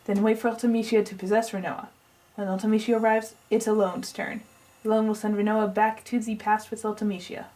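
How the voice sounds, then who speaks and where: On a low-quality recording, a woman with a warm, medium-pitched voice close to her everyday one reads fairly quickly, her pitch barely moving. She delivers the lecturing, lengthy plan of a pompous, eccentric male scientist from a game, trying out an accent she repeatedly drops.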